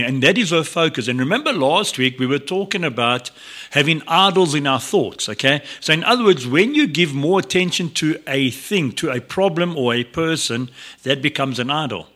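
A man gives a devotional talk on the radio. His voice is bright and forceful. He speaks earnestly and conversationally, often restarting his sentences and stopping for asides. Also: a little high, expressive, normal speed. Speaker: radio presenter.

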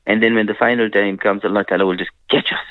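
A man giving a gentle religious talk on a radio program, telling stories and peppering his speech with "you know". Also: on the low side, fairly even intonation, fast talker, no echo. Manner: gentle preaching with frequent "you know" fillers. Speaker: Islamic scholar on a radio program. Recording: dry phone-line radio sound.

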